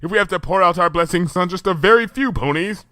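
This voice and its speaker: A man's voice: high-pitched, bright, forceful tone, dry recording, pitched above the performer's own voice. A man voicing a regal female pony princess who speaks in formal, old-fashioned phrases, recorded dry and close. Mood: brisk. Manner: formal old-fashioned speech, then brisk and chatty.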